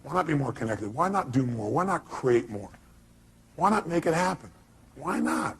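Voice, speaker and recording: A man's voice: on the high side, very animated, moderate pace, creaky, fairly bright tone, slight background noise, low-quality recording. A man giving an emphatic motivational speech to a live audience, firing off rhetorical questions. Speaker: motivational speaker.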